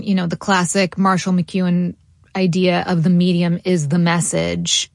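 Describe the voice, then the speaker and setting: Low-voiced woman radio host. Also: dry recording, studio quality. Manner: inquisitive, cuts in with follow-up questions. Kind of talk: radio interview.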